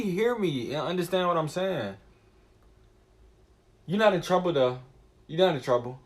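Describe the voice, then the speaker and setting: A man rambling through a casual streamer monologue, his pitch swinging up and down as he gets worked up. He swears constantly and muses aloud in an animated, wandering way. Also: moderate pace, long pauses. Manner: profane, animated and musing.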